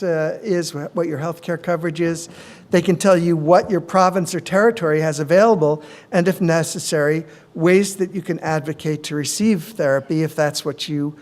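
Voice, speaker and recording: Middle-aged doctor guy giving a talk in a conference room, measured, keeps saying uh. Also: on the high side. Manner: measured, many ums and uhs. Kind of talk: conference presentation.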